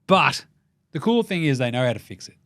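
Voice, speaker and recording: A man's voice: mid-range voice, sing-song, fairly quick, fairly bright tone, no echo, clean studio sound. A man with an Australian accent hosting a comedic sports show, swearing freely and acting out the people he talks about. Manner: swears freely, acts out quoted people mid-rant. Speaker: host.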